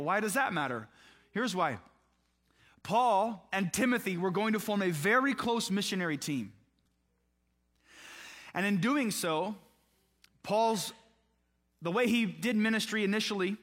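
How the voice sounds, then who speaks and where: With a voice that sits high and sounds fairly bright, this preacher keeps his sermon conversational. He quizzes the congregation and plays the voices of the story's characters in short back-and-forth scenes.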